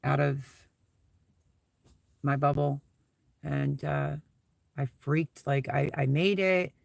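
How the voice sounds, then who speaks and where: A man's voice: fairly high pitch, fairly even intonation, slow, gravelly, no room sound. A man hosting a casual live stream from inside his SUV, rambling through stories and repeating his thanks while he reads out viewer comments.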